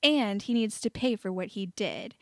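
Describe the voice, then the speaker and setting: A woman reading a hot-headed young man's lines in a fan-fiction audiobook, shouting in raw outbursts. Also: medium pitch, animated, normal speed, dry recording, clean studio sound, natural voice. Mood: earnest. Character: angry hot-headed young man, loud, blunt.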